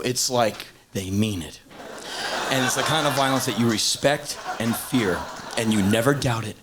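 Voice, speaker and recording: On stage at a large venue, a stand-up performer in his thirties delivers a blunt, punchy monologue and swings into acted voices. His medium-pitched voice has lively intonation at a normal speed, with a crowd audible behind him on a hissy live tape.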